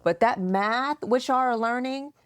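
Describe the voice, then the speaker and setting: A woman's voice: on the high side, unhurried, clean tone. A woman in her forties hosting a podcast, chatting casually and teasingly with her daughter and acting out quotes. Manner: animated, teasing, acts out quotes. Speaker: podcast host, mother. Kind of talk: casual chat.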